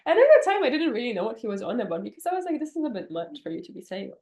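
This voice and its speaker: A young woman co-hosting a podcast, telling a dating story with dramatic pauses in casual chat. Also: on the high side, big pitch swings, mellow. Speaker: podcast co-host. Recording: roomy echo.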